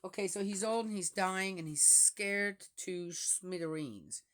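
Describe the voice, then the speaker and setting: A woman reads scripture aloud and breaks off to think out loud about it. Her comments are hesitant and wandering, and she keeps turning to the listener with a questioning "yes?". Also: mid-range voice, a little slow. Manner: musing, hesitant, checks in with listeners by asking "yes?". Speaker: scripture reader. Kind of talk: reading psalms aloud with personal reflection.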